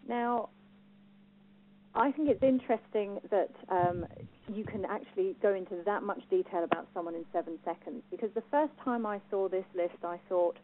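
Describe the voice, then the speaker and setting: A woman's voice: medium pitch, normal speed. English woman with a Home Counties accent, talk to an audience, engaging, thin phone-like sound. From England. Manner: lively and engaging, asks the audience questions. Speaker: speaker on personal branding.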